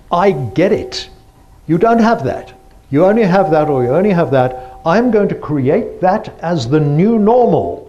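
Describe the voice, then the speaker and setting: A man's voice: mid-range voice, dark tone, dull audio. A man giving a lecture presentation, explaining step by step and asking the audience rhetorical questions.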